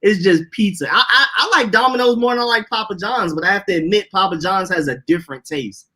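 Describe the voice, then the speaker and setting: A young man with an Atlanta accent, co-hosting a casual podcast and reading chat comments aloud in an animated way. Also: sits high, fast talker. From Atlanta, Georgia. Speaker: podcast co-host. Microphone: live stream setup.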